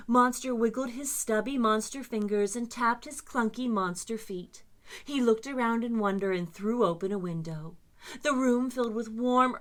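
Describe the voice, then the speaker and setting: A woman librarian reading a picture book aloud to children with expressive, dramatic storytelling. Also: on the high side.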